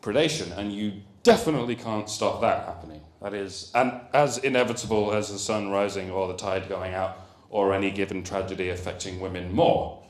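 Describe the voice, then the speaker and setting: A man giving a comic lecture at a conference, animated and jokey with rambling asides. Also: on the low side, brisk. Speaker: comedian giving a conference talk. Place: conference hall. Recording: roomy hall echo.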